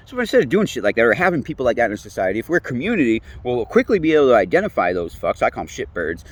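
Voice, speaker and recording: A man's voice: medium pitch, very animated, brisk. A man hosting his own show, talking in a casual, rambling rant full of swearing and fillers. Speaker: host.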